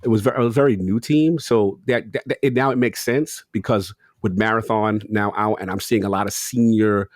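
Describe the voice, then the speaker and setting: A man with a lowish voice hosts a casual gaming podcast in a loose, rambling way, laughing often and egging on his friends. The recording is dry and close. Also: fairly even intonation, normal speed, few pauses, dry recording. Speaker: podcast host.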